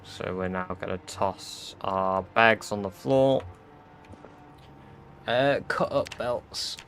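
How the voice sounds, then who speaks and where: A man's voice: on the low side, takes it slowly, fairly bright tone, a little hiss or hum. A British man on a live game stream, rambling and thinking aloud in casual chat, swearing now and then.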